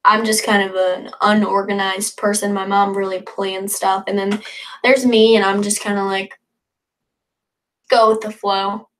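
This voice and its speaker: A woman's voice: mid-range voice, level tone, unhurried, fairly bright tone. Young woman, late teens, livestream host; casual, chatty, upbeat, rambling. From northern United States. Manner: chatty, rambling, upbeat, reads comments aloud. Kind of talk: casual livestream chat reading viewer comments.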